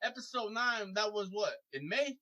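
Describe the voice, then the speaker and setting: A man's voice: high-pitched, animated, normal speed, bright, forceful tone. A man hosting a podcast interview, talking loose and hyped and calling his guest bro and dog. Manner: hypey intros, calls guest bro and dog. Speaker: podcast host.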